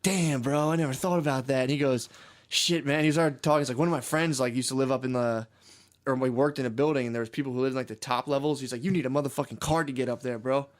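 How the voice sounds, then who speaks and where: A man talking at a quick clip as he co-hosts a loose comedy podcast. He rambles through stories and peppers nearly every sentence with "dude" and "bro". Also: mid-range voice, steady tone. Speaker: podcast co-host. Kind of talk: casual comedy podcast banter.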